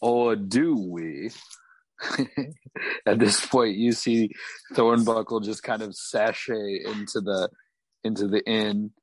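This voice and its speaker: Slow, low-voiced male game master. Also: husky. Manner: relaxed, filler-heavy description. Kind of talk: narrating a tabletop game.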